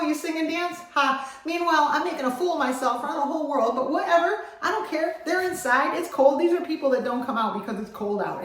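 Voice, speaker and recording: A woman vlogger telling a story with lively energy, going from loud excitement to hushed calm. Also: a little high. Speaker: animal rescue vlogger. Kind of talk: animated storytelling. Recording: very echoey voice, far from the mic.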